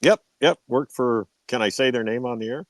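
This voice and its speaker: A man talking casually as a podcast guest, loose and relaxed with plenty of fillers. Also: medium pitch, normal speed, no echo. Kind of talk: casual interview chat.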